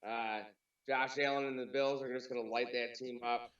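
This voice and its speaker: A man co-hosting a casual sports talk show, joking and relaxed, often restarting his sentences. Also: mid-range voice, moderate pace. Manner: joking, relaxed, hesitant starts. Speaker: co-host. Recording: distant roomy lo-fi mic.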